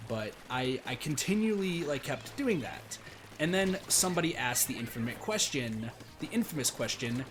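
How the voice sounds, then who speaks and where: A hoarse man streaming a game, telling a story in a rambling, animated way with many restarts. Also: mid-range voice, a little slow, slight background noise. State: hoarse, strained voice.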